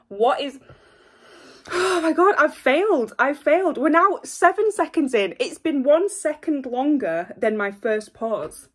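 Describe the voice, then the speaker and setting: A young woman hosting a reaction video from home, excitable and gushing, constantly apologizing while faint music plays behind her. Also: sits high, measured pace. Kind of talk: casual reaction vlog. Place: home room at a desk. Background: faint music playing.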